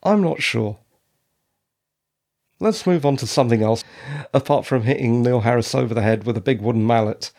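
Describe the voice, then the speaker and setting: A man hosting a review show, talking through his opinions in a measured, dryly critical way. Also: mid-range voice, creaky, a little mellow. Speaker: podcast reviewer. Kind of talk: solo review commentary.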